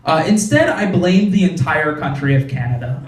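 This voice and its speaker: A man's voice: a little high, lively intonation, moderate pace, recorded from a distance, crowd noise. Young man doing stand-up in an echoey club. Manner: conversational, frequent "like" fillers, punchy punchlines. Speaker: stand-up comedian. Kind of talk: stand-up comedy set. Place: comedy club stage.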